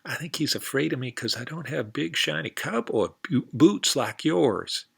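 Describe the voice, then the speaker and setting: A man voicing a sly male coyote trickster in a storybook tale, talking in a soft, wheedling way. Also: medium pitch, expressive, moderate pace, gravelly, husky, voice pushed up, heavily acted.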